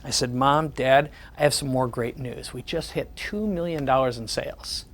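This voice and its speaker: Speaking at a moderate pace in a mid-range voice, a man delivers a sales presentation built around personal stories. He acts out the exchanges, quoting back what others said to him.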